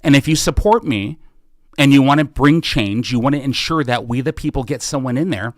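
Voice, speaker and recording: A man's voice: medium pitch, fairly quick, dry recording, studio quality. A middle-aged American man hosting a live podcast Q&A, urging his listeners on with fervent, repeated calls to action. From United States. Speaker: podcast host and political candidate. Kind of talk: live podcast Q&A, rallying appeal.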